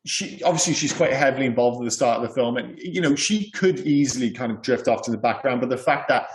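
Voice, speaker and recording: A man's voice: medium pitch, fast. A man co-hosting a film podcast, rambling and chatty, with lots of restarts. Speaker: podcast co-host. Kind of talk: casual film chat. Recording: echoey room.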